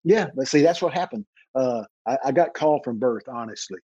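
In a dry recording with dull audio, a Texan man in his 80s recounts dramatic episodes from his life during an interview. He is a minister who animates the tale by performing each character's voice and slowing for emphasis, his mid-range voice animated, dark, and husky.

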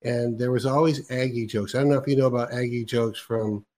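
A man's voice: mid-range voice, steady tone, brisk, a crowd in the background. Chatty male host, easy laughter. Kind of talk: casual interview chat.

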